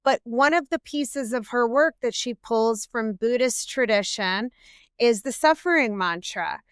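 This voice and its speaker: A woman's voice: on the high side, expressive, a little slow, smooth, no room sound, studio quality. A middle-aged woman, a therapist and podcast guest, explaining earnestly in an interview conversation. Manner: warm, earnest explaining with quoted self-talk.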